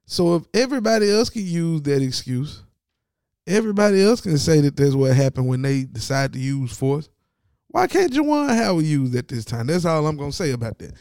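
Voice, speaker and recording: A man giving a casual, profane sports commentary rant, animated and mocking as he talks. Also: a little high, brisk, vocal fry, dry recording, studio quality.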